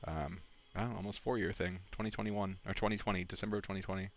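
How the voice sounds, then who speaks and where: A man's voice: sits low, steady tone, very fast, creaky, lo-fi sound, a little hiss or hum. A man streaming a game, chatting casually in a rambling, candid and emotional way. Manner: rambling, candid and emotional, talks to his dog. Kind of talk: casual live-stream chat.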